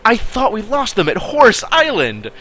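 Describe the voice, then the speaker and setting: A man voicing a bold young female ship captain, shouting in a high, shrill voice. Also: wildly swooping pitch, a little slow, a little hiss or hum, exaggerated voice. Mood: defiant. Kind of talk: reading a storybook aloud.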